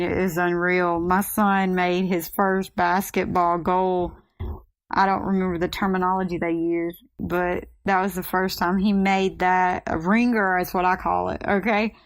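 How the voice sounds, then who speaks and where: Mom vlogger, middle-aged, chatty storyteller, dry close sound. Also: female voice, mid-range voice, dry recording. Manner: chatty, acts out quoted voices. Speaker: vlogger, mother. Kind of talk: casual storytelling to camera.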